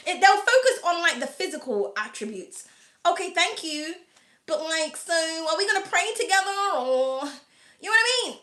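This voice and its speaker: A woman in candid chat to camera, blunt and quick to swear. Her voice sits high and sounds bright and sharp. The room around her gives an echo. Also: very animated. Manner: frank and blunt, swears freely, laughs often. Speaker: host of an astrology reading channel.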